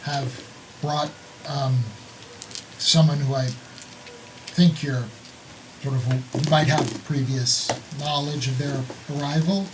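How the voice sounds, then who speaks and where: A player speaking in character during a tabletop role-play, slow and full of hesitations. The voice sounds set back from the mic. A clear hiss runs underneath. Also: medium pitch, fairly even intonation, recorded from a distance. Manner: hesitant, halting with many fillers.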